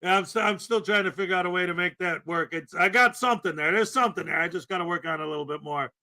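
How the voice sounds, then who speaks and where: A man's voice: high voice, fast talker, sharp tone. A middle-aged man hosting a live commentary stream, rambling and sarcastic, often laughing. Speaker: host.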